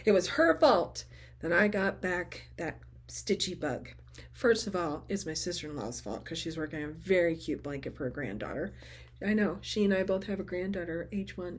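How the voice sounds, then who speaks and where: Slow, gushing woman crafter. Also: mid-range voice. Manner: gushing, excitable, quotes herself and friends. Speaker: craft vlogger. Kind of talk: casual show-and-tell chat.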